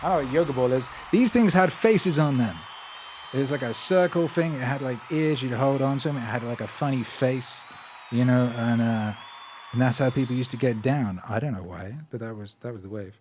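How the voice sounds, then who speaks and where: A man's voice: mid-range voice, a little fast, darkish tone, echoey room, in a large hall, a little hiss or hum. A man hosting a casual livestream, rambling loosely and jokily and reading viewer comments aloud, into a microphone on a stand in his home studio. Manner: loose, rambling and jokey, with playful asides. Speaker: livestream host and musician. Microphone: microphone on a stand in front of him. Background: music playing.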